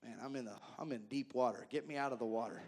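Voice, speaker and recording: A male pastor telling folksy stories in a sermon, addressing the congregation directly and repeating words as he goes from loud to soft. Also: mid-range voice, fast talker. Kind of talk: sermon storytelling.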